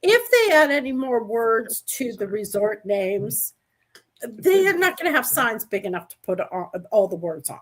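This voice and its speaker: High-voiced rambling woman co-host. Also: very animated, normal speed. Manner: rambling, descriptive storytelling. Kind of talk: casual chat.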